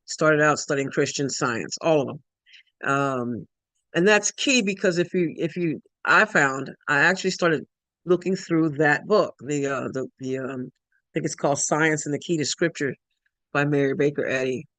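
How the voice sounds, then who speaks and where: A woman's voice: low voice, no echo. A woman giving a spiritual talk, emphatic and repetitive, often restarting her sentences. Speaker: spiritual speaker.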